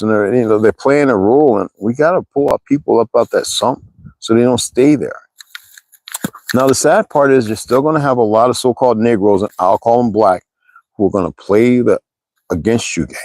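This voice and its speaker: A man's voice: medium pitch, a little mellow, no echo, low-quality recording. A man in his sixties hosting a casual livestream, rambling and chatting directly to his viewers with frequent laughs. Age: 60s. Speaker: livestream host.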